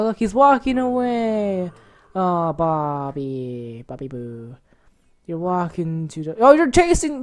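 A woman talks through a game on her own channel in a low-set voice that leaps up and down in pitch. She reacts loudly and excitedly to each event, keeping up casual running commentary. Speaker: gaming channel host. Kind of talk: let's-play commentary.

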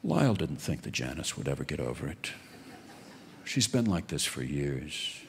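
A man telling a wry, deadpan story in an unhurried live storytelling monologue. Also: rumbling low, vocal fry, slight background noise. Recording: long reverb of a live hall.

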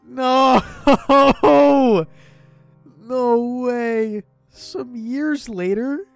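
A man giving excited commentary over gameplay, shouting, swearing and laughing at what happens on screen. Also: high-pitched, unhurried, faint music behind. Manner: laughs often. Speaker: gaming video creator.

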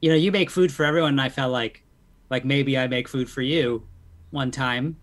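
A man's voice: medium pitch, moderate pace, close to an everyday voice. A man voicing a timid, nervous monster youth who rambles earnestly as he tries to make friends in a tabletop game.

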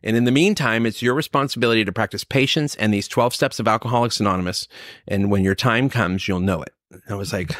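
A man's voice: on the low side, brisk, a bit bright, no room sound, clean studio sound. A man telling his personal recovery story, acting out the exchanges he quotes. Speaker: recovery speaker.

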